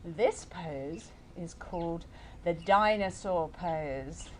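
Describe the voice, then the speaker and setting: A woman's voice: fairly low pitch, drawn-out words, a little hiss or hum. A woman teaching a yoga class for young children, giving playful, encouraging, story-like instructions.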